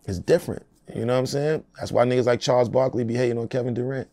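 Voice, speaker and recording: A middle-aged American rapper talks fast in a casual interview, his mid-range voice mellow and recorded with no room sound. His manner is loose, emphatic and streetwise.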